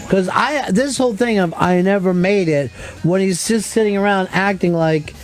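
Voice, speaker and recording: A man's voice: high voice, moderate pace, soft background music. Radio host man taking calls. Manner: conversational, reads phone number and introduces callers. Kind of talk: call-in radio talk.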